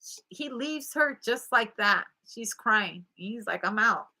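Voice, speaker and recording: A woman's voice: fairly high pitch, lively intonation, slow, bright, forceful tone. A woman tarot reader casually retelling a story, chatty, often checking in with 'okay?' and acting out the quotes.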